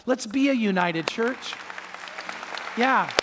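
A man's voice: very high voice, animated, slow, big-room sound, a crowd in the background, background noise. A man preaching a sermon as pastor, telling a personal story and acting out the voices in it. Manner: storytelling, acts out voices in anecdotes.

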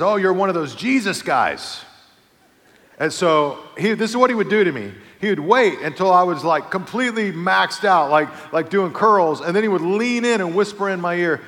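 A man preaching a sermon, telling a funny personal story with lively build-ups before easing into a quieter reflective close. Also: a little high. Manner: lively storyteller, builds to excited comic peaks then softens. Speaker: pastor. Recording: reverberant hall.

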